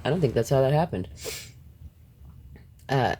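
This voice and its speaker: A live-stream host confronts his viewers in a blunt rant, swearing freely, answering chat, and laughing between points. His mid-range voice is animated and darkish in tone, at a moderate pace with frequent pauses.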